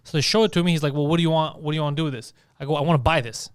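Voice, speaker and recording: Fast-talking man telling a story. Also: on the high side, clear, resonant tone, no room sound, studio quality. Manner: animated storyteller, swearing, acting out his own angry outbursts. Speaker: podcast co-host. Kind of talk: casual comedy podcast chat.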